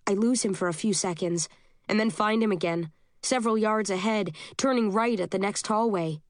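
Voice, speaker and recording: A woman reading a first-person novel aloud as an audiobook narrator, steady and measured. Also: mid-range voice, no room sound, studio quality.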